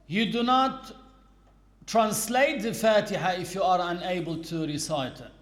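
Slow, high-voiced man teaching. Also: roomy sound. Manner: patient, explanatory, repeats key points. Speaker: Islamic teacher. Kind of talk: religious lesson.

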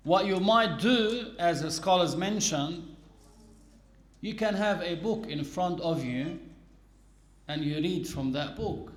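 A man teaches a religious lesson with a patient, explanatory manner, going back over key points. His voice sits high and his pace is unhurried. The sound rings in an echoey room. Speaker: Islamic teacher.

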